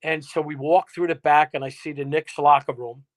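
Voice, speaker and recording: New guy, guest musician, loose and salty, laughs through his story; voice sits a bit high. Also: steady tone, moderate pace. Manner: rambling, chuckling, salty anecdote-teller. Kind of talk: casual interview storytelling. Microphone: remote live-stream guest.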